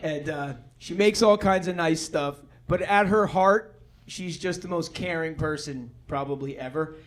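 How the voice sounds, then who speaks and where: A man's voice: on the high side, measured pace. A man doing laid-back stand-up storytelling, rambling along and acting out the people in his stories. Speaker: stand-up comedian. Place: comedy club stage.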